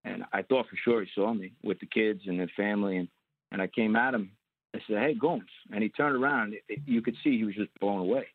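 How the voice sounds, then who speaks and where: Guy from new york rattling off a story quick, sounds like it's over a phone line. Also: fairly low pitch, dry recording. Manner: animated storyteller, acts out quoted voices. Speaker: guest, former undercover agent. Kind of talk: casual storytelling interview.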